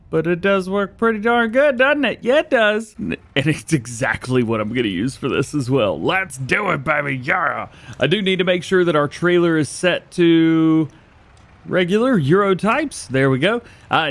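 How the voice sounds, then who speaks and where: A man giving casual, chatty commentary while playing a farming game, joking with himself and laughing often, a little out of breath early in the morning. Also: mid-range voice. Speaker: gaming YouTuber. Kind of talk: casual let's-play commentary.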